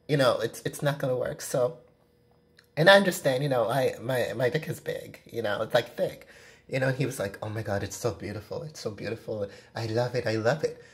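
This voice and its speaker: A woman's voice: extremely low pitch, darkish tone. A woman vlogging from her apartment, talking straight to camera in a frank, rambling rant full of "you know" fillers. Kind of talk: casual vlog rant to camera. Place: own apartment, indoors. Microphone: camera at close range.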